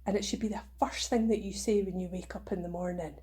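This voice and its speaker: A woman's voice: medium pitch, steady tone, fast, mellow. A woman hosting her own podcast, talking to listeners in an earnest, encouraging and emotional way. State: tearful at times. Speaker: podcast host. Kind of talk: motivational podcast monologue.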